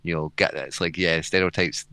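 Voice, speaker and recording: A man's voice: sits low, steady tone, fairly quick, sharp tone, clear, resonant tone, no echo. A man co-hosting a podcast in casual chat, swearing heavily and ranting with frequent laughs. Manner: profane, ranting, laughs often. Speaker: podcast co-host.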